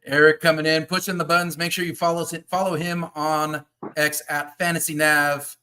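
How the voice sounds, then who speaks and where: A man's voice: a little high, level tone, normal speed, pushed and bright. A man hosting a casual sports podcast, upbeat and reading out viewer comments. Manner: upbeat, reads chat comments. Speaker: podcast host.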